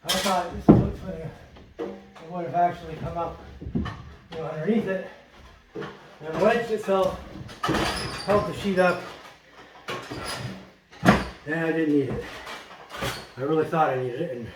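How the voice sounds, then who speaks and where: A man in his fifties with a fairly high voice talks viewers through his job in a chatty, joking way. He sounds far from the mic in a bare, echoing room. Loud work noise clatters behind him throughout. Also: measured pace, pauses often. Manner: talks to himself and viewers while working, joking. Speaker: drywall installer. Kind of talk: chatty work-along tutorial. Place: bare room under construction.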